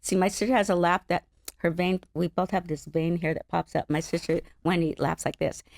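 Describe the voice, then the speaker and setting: A middle-aged woman from the Los Angeles area, an interview guest telling stories in an animated, laughing way. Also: lowish voice, fairly quick, no echo. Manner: animated, laughing, acts out other people's voices. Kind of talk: casual storytelling chat.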